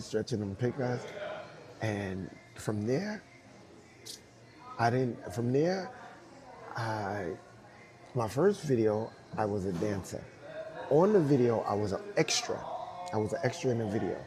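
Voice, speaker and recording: Man acting out a lively story. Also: lowish voice. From New York. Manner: animated, acts out dialogue, laughs often. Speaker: dancer telling his story. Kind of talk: casual storytelling interview.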